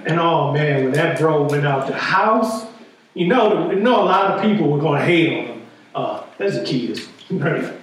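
High-voiced preacher in an echoey hall. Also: male voice, animated, normal speed, slight background noise. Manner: conversational preaching, frequent "right?" asides. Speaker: pastor. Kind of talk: sermon. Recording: echoey hall, distant mic.

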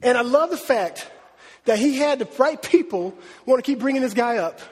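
A man preaching a sermon in an animated, conversational way, laughing and acting out quotes. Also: very high-pitched, normal speed, breathy edge, big-room sound. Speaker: pastor.

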